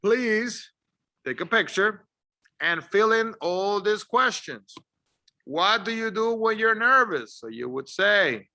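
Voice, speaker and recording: A man teaching an English lesson, encouraging and drilling words clearly for learners to repeat. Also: high voice, lively intonation, takes it slowly, sharp tone. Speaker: ESL teacher. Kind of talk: slow, deliberate English lesson.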